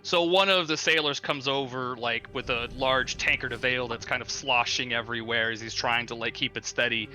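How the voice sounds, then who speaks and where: A man's voice: mid-range voice, steady tone, a little fast, few pauses, sharp tone. A man narrating as game master of a tabletop game in a casual, filler-heavy way.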